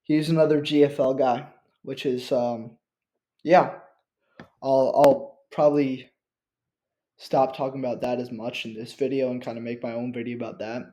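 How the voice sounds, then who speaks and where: A man hosting his own channel, talking through a ranking list in one casual take, halting often with fillers and restarts, recorded on a built-in computer mic. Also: mid-range voice, little pitch movement, mellow. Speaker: channel host.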